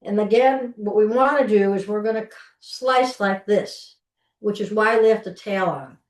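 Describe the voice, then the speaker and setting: Running a live cooking lesson online from her own kitchen, this middle-aged instructor is chatty and folksy, often starting her sentences over mid-task. She has a mid-range voice and normal speed, and the far-off video-call mic catches the room's spaciousness.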